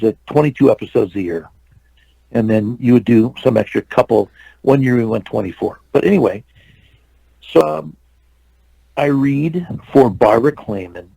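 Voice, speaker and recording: Gravelly older man telling a story. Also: medium pitch, moderate pace, dry recording, poor audio. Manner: lively anecdotal storyteller. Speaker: actor and stuntman guest. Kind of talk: storytelling interview.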